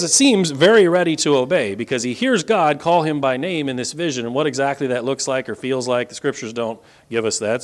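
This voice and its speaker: Lively, animated male preacher. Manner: lively, conversational preaching with wide pitch swings. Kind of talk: sermon.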